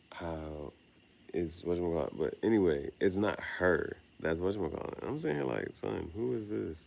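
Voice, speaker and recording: A man's voice: sits low, vocal fry, a little mellow. A young man rambling casually outdoors at night, slangy and meandering, laughing at his own words. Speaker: vlogger. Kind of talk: rambling late-night monologue.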